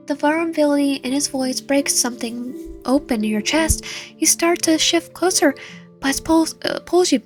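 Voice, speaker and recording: A woman's voice: sits high, normal speed, soft background music. A woman reading a romance visual novel aloud, with frequent slips and self-corrections. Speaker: gaming channel host.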